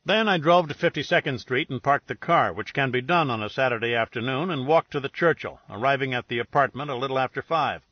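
Brash breathy-baritone lout , read by a man, blunt and crude; dull lo-fi sound. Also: a little fast, few pauses, dry recording, natural voice. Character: blunt, brash middle-aged man with a sore jaw. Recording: dull lo-fi recording.

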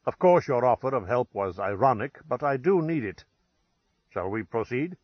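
A man's voice: mid-range voice, lively intonation, normal speed, dry recording, highs cut off, lightly acted. A man doing a stern, formal detective. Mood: severe. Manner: severe, precise, formal diction.

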